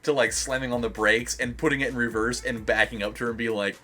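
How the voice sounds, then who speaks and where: A man's voice: mid-range voice, fast talker, hardly any pauses, pushed and bright, faint music behind. A young man giving casual gameplay commentary as a let's play host, rambling with lots of fillers and swearing.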